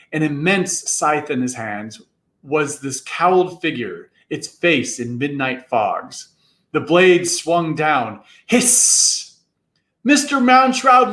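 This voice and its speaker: Taking his time, this man performs a dramatic reading of a classic story with lively intonation and a slightly bright tone. Each character gets its own voice, marked by large swings in pitch, all captured in an echoing room.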